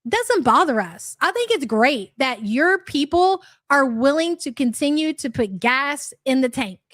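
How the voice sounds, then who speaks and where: A woman's voice: high voice, very animated, unhurried, a bit bright, no room sound, studio quality. A young woman hosting a live reaction stream, blunt, sarcastic and profane as she comments and greets viewers. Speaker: streamer host.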